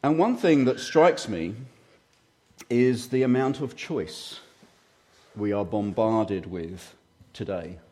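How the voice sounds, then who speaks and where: A man's voice: fairly low pitch, slow, darkish tone. A man in his fifties preaching a sermon with a slight frog in his throat, talking conversationally with hesitant fillers and self-deprecating asides. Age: 50s.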